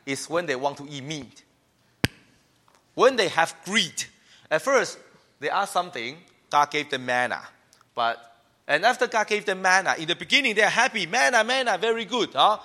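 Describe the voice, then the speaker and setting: Lively, bright-voiced man preaching. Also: a little high, moderate pace. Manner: animated, mimics complaining voices. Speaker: pastor. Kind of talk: sermon.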